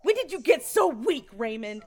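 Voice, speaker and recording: An actress playing a pregnant young wife who speaks to her husband with sharp contempt. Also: high-pitched, sing-song, normal speed. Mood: scornful.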